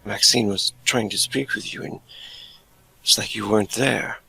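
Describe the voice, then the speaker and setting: A man's voice: fairly low pitch, steady tone, normal speed, creaky, sharp tone, a little hiss or hum, pitched below the performer's own voice, full character voice, low-quality recording. A man voicing a worried, earnest man who speaks hesitantly.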